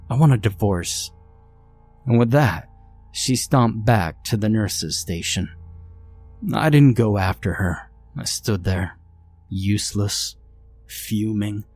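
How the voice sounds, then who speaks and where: A man reads a first-person horror story in a dry, matter-of-fact way, his voice low and his pace unhurried. Faint music plays underneath. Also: darkish tone. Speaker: narrator. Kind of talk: scripted horror story narration.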